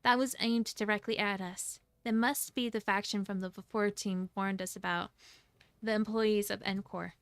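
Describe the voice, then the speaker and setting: A woman's voice: mid-range voice, fairly even intonation, normal speed, fairly bright tone, clear, resonant tone, dry recording, close to an everyday voice. A woman voicing a serious, military-minded woman speaking formally.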